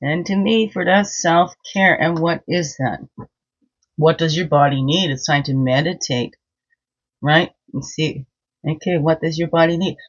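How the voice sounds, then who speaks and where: A woman's voice: sits low, a little slow. A woman and medicine woman giving a casual daily card reading, chatty, sing-song and openly emotional. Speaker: spiritual guide and medicine woman. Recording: dull lo-fi sound.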